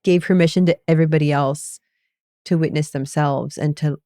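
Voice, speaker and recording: Low-voiced woman telling a personal story. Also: steady tone, moderate pace, dark tone, dry recording, studio quality. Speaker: podcast co-host and meditation coach. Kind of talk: casual podcast conversation.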